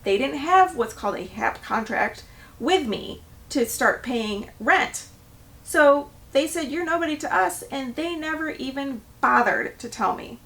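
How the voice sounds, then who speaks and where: A woman's voice: sits high, a little slow, far from the mic. A middle-aged woman, a property manager, telling a story in a vlog and acting out the people she quotes. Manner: animated storytelling, acts out quoted voices.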